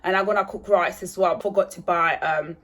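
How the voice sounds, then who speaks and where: A woman's voice: fairly low pitch, steady tone, brisk, a bit bright. Woman vlogger, casual and rambling, handheld phone sound. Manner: rambling, chatty, many fillers. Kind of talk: casual chat to camera.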